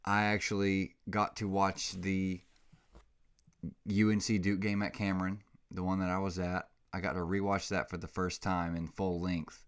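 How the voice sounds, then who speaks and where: A man's voice: sits low, level tone, normal speed, clear, resonant tone. A man hosting a casual solo podcast, rambling and self-mocking, a little out of breath, close on a microphone. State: slightly out of breath. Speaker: podcast host.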